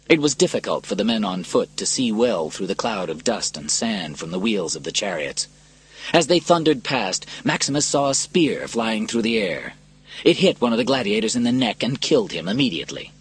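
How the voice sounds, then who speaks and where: Husky-voiced man reading a storybook. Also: fairly low pitch, brisk. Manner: dramatic, lively reading. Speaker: narrator. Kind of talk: scripted storybook narration.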